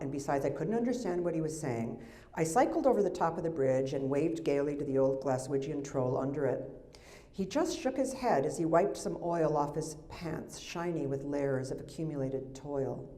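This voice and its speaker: A woman's voice: sits low, warm tone. An older woman, an author, reading her memoir at a live library event, with wry, chatty asides into a microphone. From United States. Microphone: handheld or stand mic.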